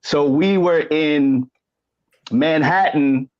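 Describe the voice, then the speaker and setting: A man with a slightly high voice tells a story at an easy pace in a casual interview chat. The recording sounds dull and lo-fi. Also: drawn-out words. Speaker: guest, collaborator.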